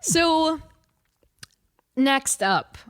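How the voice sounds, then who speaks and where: Bubbly, gushing woman co-host, raised pitch. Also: animated, extremely slow, fairly bright tone. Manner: bubbly, laughs often, gushing. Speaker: podcast co-host. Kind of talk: casual pop-culture chat.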